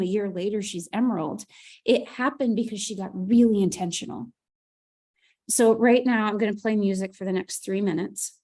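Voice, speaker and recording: A woman's voice: medium pitch, warm tone. A woman leading an evening video call with her team, giving a casual, upbeat pep talk. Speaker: team leader hosting a business call.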